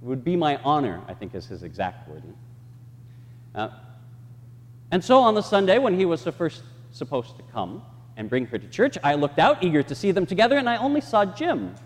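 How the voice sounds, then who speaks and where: Man preaching a lively sermon. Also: on the high side, fairly quick, in a large hall. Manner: expressive, acts out quoted voices. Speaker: pastor. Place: church sanctuary.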